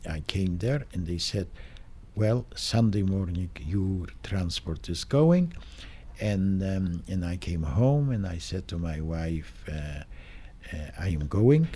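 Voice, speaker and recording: An older man, a Holocaust survivor, recounting memories in a halting, emotional way with many restarts. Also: low-pitched, warm tone, breathy edge. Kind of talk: documentary interview, recounting memories.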